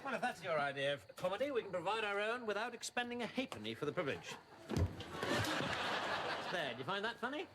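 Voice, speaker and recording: Sardonic officer, lively high sneer, noisy tv sound with laughter. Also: male voice, quick pace, pauses often. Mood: scornful. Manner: dry, withering, sarcastic. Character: sardonic cynical male army captain, scornful wit. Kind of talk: sitcom acting. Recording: noisy TV audio with studio laughter.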